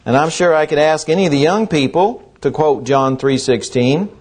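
A man's voice: a little high, moderate pace, a little mellow. A man preaching a sermon, asking rhetorical questions and stretching out key words for emphasis.

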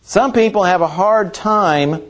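Man preaching, with deliberate slow emphasis. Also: high-pitched. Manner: slow deliberate emphasis on key words, rhetorical questions. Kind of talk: sermon.

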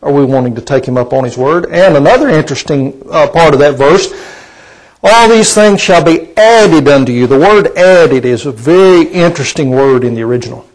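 Folksy preacher man, slightly high voice. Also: low-quality recording. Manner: asks the congregation rhetorical questions; conversational, folksy preaching with fillers. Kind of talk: sermon.

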